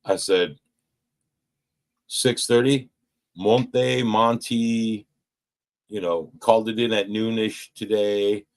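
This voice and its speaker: Man, lowish voice, casual storytelling, profane, acts out the quotes. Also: fairly even intonation, slow, long pauses. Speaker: person sharing at a recovery meeting.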